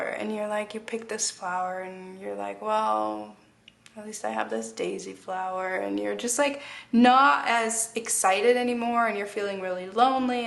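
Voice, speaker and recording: A woman's voice: mid-range voice, vocal fry, a bit bright. A woman giving a casual spoken tarot reading, rambling, with many fillers and restarts. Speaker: tarot reader.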